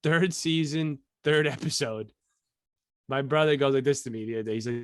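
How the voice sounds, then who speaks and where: A man co-hosting a podcast, telling stories in a casual, profane, animated way. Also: medium pitch, fairly quick, no room sound, studio quality. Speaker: podcast co-host. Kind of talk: casual chat.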